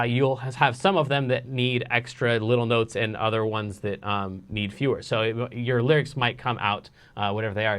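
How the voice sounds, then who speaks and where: A man casually teaching songwriting in a live online lesson, relaxed and rambling with restarts. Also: mid-range voice, moderate pace, hardly any pauses, slight background noise. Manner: sings nonsense syllables to show rhythm.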